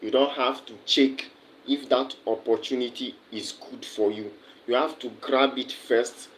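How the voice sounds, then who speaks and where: A man's voice: mid-range voice, fairly even intonation, measured pace, slight background noise, rough recording. A man with a Nigerian accent chatting on a livestream, answering viewers' comments with lots of fillers and repeated words. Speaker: livestream host. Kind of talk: casual livestream chat.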